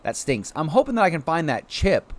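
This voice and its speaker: Male game streamer, upbeat and playful, fairly high voice that swings all over. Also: fairly quick. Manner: excitable, yells greetings to chatters; playful, quacks like a duck. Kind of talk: casual live-stream chat over gameplay.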